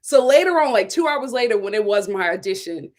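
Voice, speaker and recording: A young woman hosting a live review stream, telling a story in an animated, dramatic way and laughing often. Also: mid-range voice, a little fast. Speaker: host of a live reality-show review channel. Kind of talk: casual storytelling to a live chat.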